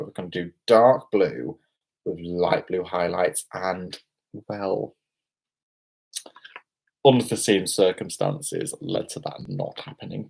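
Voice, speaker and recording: Young British man, a few beers in, chatty vlogger, swooping up and down in pitch, self-mocking, hotel room phone stream. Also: gravelly, darkish tone, slightly rough. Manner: rambling, exclamatory, self-mocking. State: tipsy from beer. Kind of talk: casual live-stream chat.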